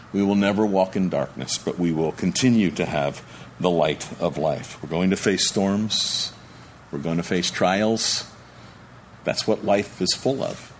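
A man's voice: low voice, slight background noise. A man, a pastor, preaching a sermon and acting out the disciples' panic during the storm. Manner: animated, acts out disciples' panicked voices.

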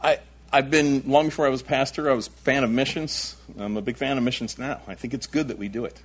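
A man's voice: mid-range voice, fairly even intonation, fast, husky. A male pastor preaching a sermon in an emphatic way, often repeating himself and adding asides.

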